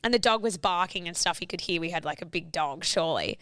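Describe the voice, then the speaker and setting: A young woman co-hosting a casual podcast, rattling through a story with plenty of "like" and swearing. Her voice is smooth and clear, and it is recorded close and dry. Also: fairly low pitch, expressive, fast, a bit bright, dry recording. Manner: chatty storyteller, swearing, lots of "like". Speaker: podcast co-host. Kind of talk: casual chat.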